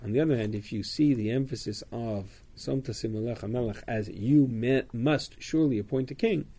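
Talking fairly quickly, this man has a warm, breathy, mid-range voice. In his Torah class he chants Hebrew verses and explains how they translate, using lots of "um" and "uh" along the way.

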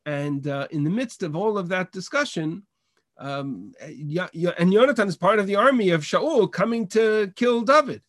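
An animated man with a high, fairly bright voice speaks at normal speed while teaching an online Bible lesson, reading the Hebrew verses and translating them, frequently starting over. The sound is clean studio quality with no room echo.

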